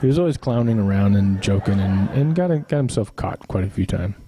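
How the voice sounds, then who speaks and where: A man's voice: fairly low pitch, lively intonation, a little fast, music in the background. A middle-aged man hosting a live stream, chatting casually with viewers and telling rambling family stories with chuckles and teasing asides. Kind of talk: casual storytelling to chat.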